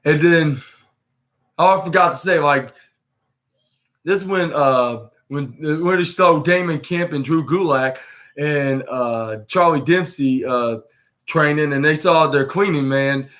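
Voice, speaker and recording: A man with a voice a little on the high side talks through a recap as a podcast host. He rambles casually, stumbles over names and keeps restarting his sentences before landing on the point. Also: measured pace, fairly bright tone. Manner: rambling, with frequent restarts and self-corrections. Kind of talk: casual recap of a wrestling show.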